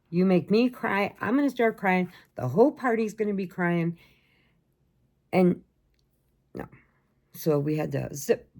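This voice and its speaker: Chatty older woman with a gravelly voice. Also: sits low, darkish tone. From Chicago area. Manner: chatty, rambling, laughs often. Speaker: crochet vlogger. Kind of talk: casual chat to camera.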